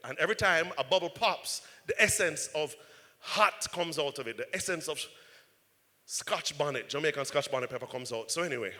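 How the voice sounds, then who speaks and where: Bright-voiced preacher in a reverberant church. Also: male voice, fairly high pitch, fairly quick. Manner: animated, repeats "right?". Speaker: pastor. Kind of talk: storytelling sermon.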